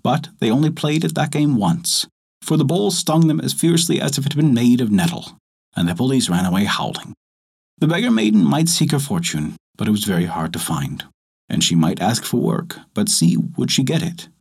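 A man narrating a folktale aloud in an expressive, lilting read-aloud delivery. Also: mid-range voice, moderate pace, gravelly, slightly rough. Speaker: storyteller.

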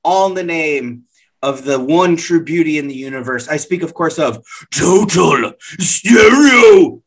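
A man co-hosting a podcast, joking and self-deprecating in a deadpan way. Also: fairly high pitch, normal speed. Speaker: podcast co-host. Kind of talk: casual podcast chat.

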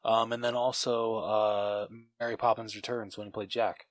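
A man co-hosting a casual podcast, easygoing and agreeable as he chats. His voice sits a little low. The recording is dry and close-miked. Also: flat delivery, moderate pace, no echo. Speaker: podcast co-host. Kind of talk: casual chat.

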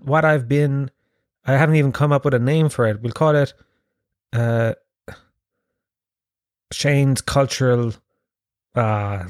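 An Irish man in his thirties rambles through comic stories on his podcast, swearing freely and poking fun at himself. His voice sits at an ordinary middle pitch, and the close mic sounds dry with no room around it. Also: no echo. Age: 30s. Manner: rambling, sweary, self-mocking. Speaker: podcast host. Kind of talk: casual comic storytelling monologue.

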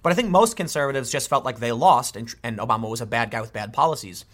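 A man's voice: medium pitch, quick pace, a bit bright. A man giving an opinionated commentary monologue, emphatic and often restarting his sentences. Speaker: political commentator.

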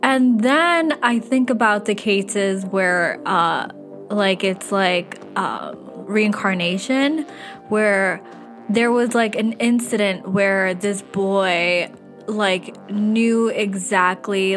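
Young female vlogger, casual and gushing, filler-heavy and sweary, mid-pitched, faint background music. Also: slow pace. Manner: excitable, chatty, heavy use of "like" and swearing. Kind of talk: casual chat to camera.

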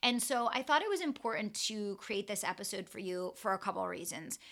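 A woman speaks alone as the host of her business podcast, at a middle pitch for a woman. She talks earnestly, piling up lists and saying the same point again in new words. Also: animated, a little fast, a bit bright. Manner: earnest, speaks in repeated lists and restated phrases. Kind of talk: solo podcast monologue.

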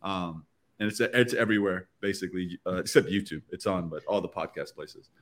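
A man's voice: deep voice, fairly quick, a bit bright. A man who is a podcast guest, explaining step by step in casual round-table talk and often slipping into short acted-out bits of dialogue.

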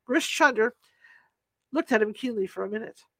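Woman reading an old story, steady and plain, dry close mic. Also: a little high, moderate pace, no room sound. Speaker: reader. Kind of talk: audiobook narration.

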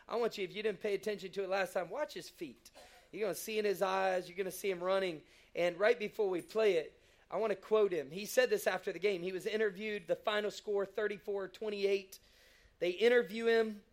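A man preaching a sermon, talking in an enthusiastic, conversational way and leading the congregation in call-and-response. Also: sits high. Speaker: pastor.

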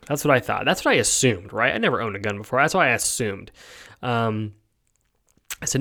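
A man's voice: medium pitch, expressive, brisk, vocal fry, pauses often, pushed and bright. A man hosting a podcast, talking through his opinions in a rambling way, with lots of fillers and a habit of asking "right?". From United States. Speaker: podcast host. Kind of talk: casual opinion monologue.

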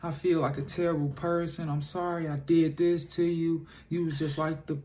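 A man voicing an anxious, apologetic young woman in a soft, pleading voice while retelling a story. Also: little pitch movement, moderate pace, a little hiss or hum, lightly acted. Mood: remorseful. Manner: soft, pleading, higher-pitched put-on voice.

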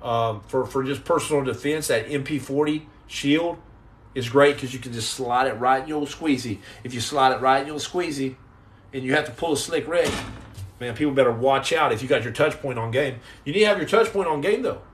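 A middle-aged man hosting a casual live stream, jumping between jokes and shout-outs to the chat. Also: mid-range voice, brisk.

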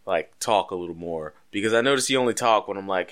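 A man's voice: on the low side, fast talker, a bit bright. A man co-hosting a casual podcast, loose and profane, joking with his co-hosts as he wraps up the show. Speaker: podcast co-host.

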